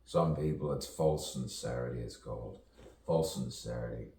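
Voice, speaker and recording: A man's voice: extremely low pitch, moderate pace, vocal fry, warm tone, reverberant, recorded from a distance, slight background noise. A man rambling through a spoken stream-of-consciousness poem, shifting between voices and dropping into whispers.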